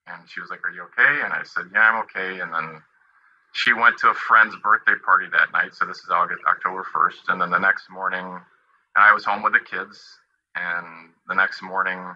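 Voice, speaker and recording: A low-voiced man with a husky, strained edge, telling his side of a dispute. He halts and restarts, quoting past exchanges. The sound is dull and lo-fi. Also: bright, forceful tone. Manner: halting, quoting past talks. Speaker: party in a dispute. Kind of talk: personal account.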